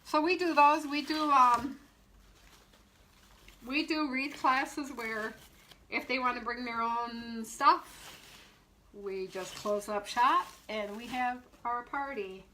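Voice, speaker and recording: A woman's voice: on the high side, slow, pushed and bright, a little hiss or hum, rough recording. A middle-aged woman and shop owner demonstrating wreath making on a live stream, chatting, laughing and greeting viewers by name as she works.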